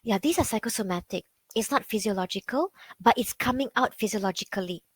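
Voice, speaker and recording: A woman's voice: mid-range voice, quick pace, breathy edge, rough recording. A woman with a Malaysian English accent giving a chatty talk as a psychology coach, often saying "like" and asking her listeners questions. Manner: chatty, peppers speech with "like", asks the audience questions. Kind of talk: conversational online talk.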